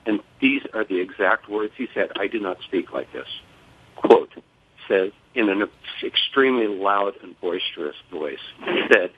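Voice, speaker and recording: An older man speaking in a measured, formal way as a guest on a phone interview. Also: on the low side, slight background noise. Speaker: guest, father of a fallen soldier. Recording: tinny phone line.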